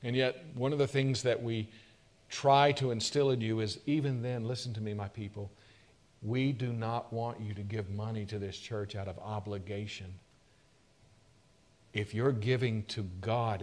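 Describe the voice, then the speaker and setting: A man's voice: steady tone, normal speed. Emphatic male pastor preaching. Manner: emphatic preaching with rhetorical questions, swells louder then drops low. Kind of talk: sermon.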